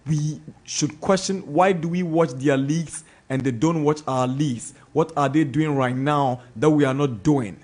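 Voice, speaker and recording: A man with a Ghanaian English accent, hosting a sports radio show, reads out listener messages and adds quick comments. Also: a little high, darkish tone. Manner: brisk, chatty, comments between messages. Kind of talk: reading listener messages on air.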